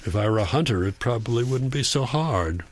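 A man reading a first-person audiobook in a quiet, measured, reflective way. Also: medium pitch, lively intonation. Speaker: audiobook narrator. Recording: dry booth with faint mains hum.

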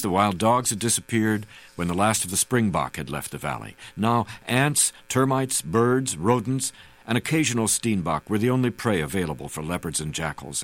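A man reading a first-person memoir aloud as an audiobook narrator, in a measured, unhurried way. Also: deep voice, gravelly, rough recording.

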